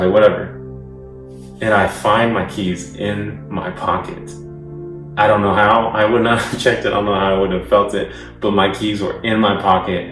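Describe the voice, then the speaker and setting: A man's voice: lowish voice, fairly bright tone. A man giving a casual youth sermon, talking conversationally with repeated rhetorical lists. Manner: conversational, repetitive rhetorical lists, occasional chuckles. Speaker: guest youth speaker. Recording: echoey room, distant mic, faint music.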